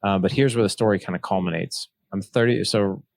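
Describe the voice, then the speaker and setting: A man's voice: on the low side, steady tone, a little fast, vocal fry, darkish tone. A man in his forties telling a personal story in an earnest, reflective way, acting out remembered dialogue. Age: 40s. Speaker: podcast guest, author.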